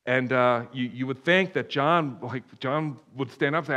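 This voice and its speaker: A man preaching a sermon, animated, swinging from loud emphatic bursts to hushed low passages, with many restarts. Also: moderate pace. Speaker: pastor. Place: church room.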